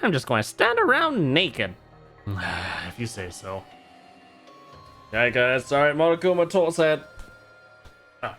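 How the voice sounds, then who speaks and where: Man game streamer, jokey, voices the characters, very lively pitch, faint music underneath. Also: a little slow, long pauses. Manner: animated, jokey, reads characters' lines in put-on voices. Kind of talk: reading game dialogue aloud with commentary.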